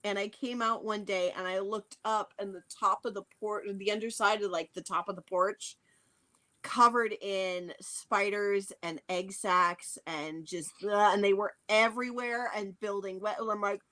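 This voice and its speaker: A woman from New England chatting casually, telling relaxed anecdotes with fillers and small laughs. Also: mid-range voice, measured pace. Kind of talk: casual chat.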